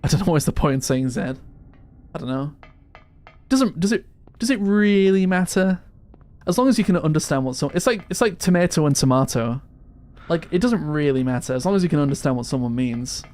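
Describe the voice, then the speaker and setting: A man's voice: on the high side, animated, fairly quick, a little mellow. A young man with an English accent talks casually while streaming a horror game. He chats loosely and laughs often, poking fun at himself. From England. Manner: chatty, laughs often, self-deprecating. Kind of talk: casual gaming stream chat.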